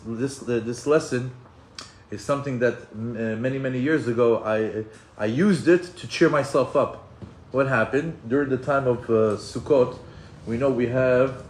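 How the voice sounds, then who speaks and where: A man teaching a Torah class in an animated way, acting out quoted voices and often restarting his sentences. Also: mid-range voice, slight background noise. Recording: echoey room with faint ambience.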